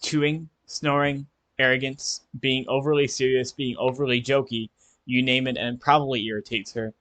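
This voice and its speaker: A man's voice: mid-range voice, little pitch movement, moderate pace, fairly bright tone, no echo. Easygoing man co-host, dry sound. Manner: easygoing, chuckles a lot. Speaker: podcast co-host. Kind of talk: casual chat reading out contestant bios.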